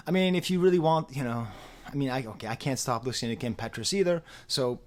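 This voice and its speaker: Man, music reviewer, casual rambling talk, animated, restarts a lot. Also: medium pitch, fast talker. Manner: rambling, animated, self-interrupting. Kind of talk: casual spoken album review.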